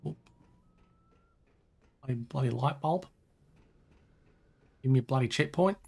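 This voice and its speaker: A man's voice: mid-range voice, unhurried, vocal fry, a little mellow, slight background noise. Swearing man commentating a game. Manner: swears a lot while playing, exasperated muttering; chatty asides to the viewer. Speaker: gaming channel host. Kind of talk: let's play commentary.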